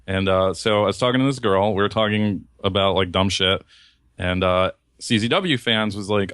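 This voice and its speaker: Bright-voiced man ranting on a podcast. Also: lowish voice, normal speed, clear, resonant tone, no echo, clean studio sound. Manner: profane, heated storytelling with mocking voices. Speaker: podcast co-host. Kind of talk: casual ranting chat.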